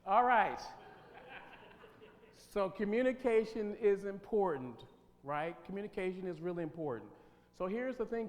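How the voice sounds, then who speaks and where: In a church hall, a man leads an interactive team-building workshop, talking with emphasis and quizzing his audience. His voice is on the high side and a little mellow. The recording carries long hall reverb and a faint hum.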